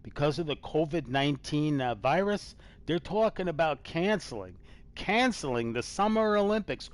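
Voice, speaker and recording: Meandering through old news items, this live-stream host alternates loud outbursts with quiet mumbling and tosses in casual curses. His delivery is sing-song at a normal pace.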